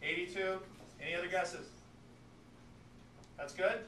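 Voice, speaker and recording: An animated male teacher jokes with his class while lecturing. His voice sits a little high and is picked up from a distance. The classroom echoes, and steady noise hums under it. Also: measured pace. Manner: animated, joking, talks straight to students. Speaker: biology teacher.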